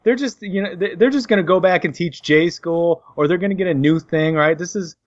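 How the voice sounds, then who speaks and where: Ranting sarcastic man, halting speech. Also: high-pitched, dry recording. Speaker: podcast co-host. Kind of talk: casual opinionated banter. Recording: dull, dry lo-fi podcast audio.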